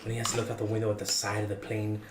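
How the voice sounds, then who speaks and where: A man's voice: racing, heavy background noise. Man telling a story in a roomy room. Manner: animated, jokey, rising in pitch for punchlines. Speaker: podcast guest telling a story. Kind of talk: casual storytelling.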